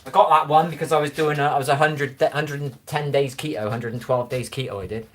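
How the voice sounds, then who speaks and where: A man's voice: mid-range voice, steady tone, brisk, slight background noise. West country bloke in his 40s, rambly live chat from his room, answers comments as they come. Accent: West Country English. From England. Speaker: livestream host. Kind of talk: casual live-stream chat. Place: room at home.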